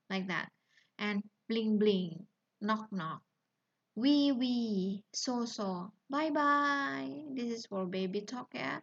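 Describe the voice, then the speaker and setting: A woman's voice: mid-range voice, highs cut off. A woman whose first language is Indonesian, teaching an online English lesson, repeating example words with heavy stress and checking in with "yeah?" and "okay?". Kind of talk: recorded online lecture.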